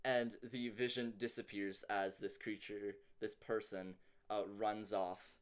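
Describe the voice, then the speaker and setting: Man, game master, low voice, loose filler-laden narration. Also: level tone, slow, clear, resonant tone. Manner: loose, filler-heavy describing.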